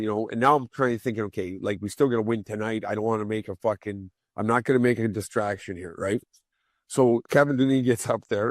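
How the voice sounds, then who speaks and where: A man in his forties, a former hockey player guesting on a podcast, telling rowdy stories in a casual, heavily profane way and loudly acting out the lines of other people. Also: mid-range voice, no room sound, clean studio sound. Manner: profane, animated, acts out quoted lines loudly.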